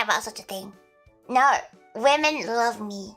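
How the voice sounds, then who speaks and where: A woman's voice: a little high, unhurried, fairly bright tone, soft background music. An Australian woman chatting casually on a livestream, playful and prone to shrieking, giggly laughs.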